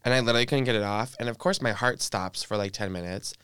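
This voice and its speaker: A man's voice: fairly low pitch, fast talker, a bit bright, smooth, no echo. A young man co-hosting a podcast, telling rambling, self-mocking stories in a casual chat. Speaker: podcast co-host.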